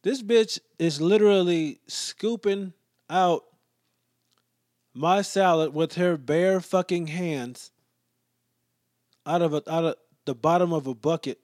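A man tells a story in a loose, exasperated rant, heavy on the swearing and deadpan in its delivery. His voice sits a bit high for a man, and he now and then sinks into quiet, low mutters. The recording is dry and close, with no room sound. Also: slow pace, pauses often, no room sound. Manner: drops to low mutters in asides.

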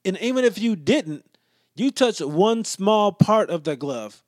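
A man telling a story in a casual rant, profane and exasperated, sometimes dropping to low muttered asides. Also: lively intonation, measured pace, darkish tone, no room sound, clean studio sound.

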